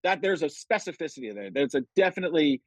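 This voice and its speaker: A middle-aged man, a comedian guest on a podcast, chatting casually and telling stories with lively quoted voices. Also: fairly high pitch, fast talker, dry recording, rough recording. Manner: animated storytelling, jumps into quoted voices. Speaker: guest impressionist.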